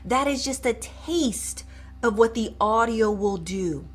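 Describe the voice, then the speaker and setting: A middle-aged woman coach who speaks straight to her viewers with upbeat encouragement and leads a short eyes-closed exercise in a softer voice. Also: on the high side, expressive, slow, breathy edge. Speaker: mindset coach. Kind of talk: live coaching demonstration.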